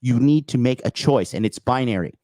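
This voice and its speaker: A man's voice: medium pitch, expressive, brisk, warm tone, no room sound. A man hosting a call-in dating advice show, talking bluntly and profanely in a lecturing way. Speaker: dating coach host.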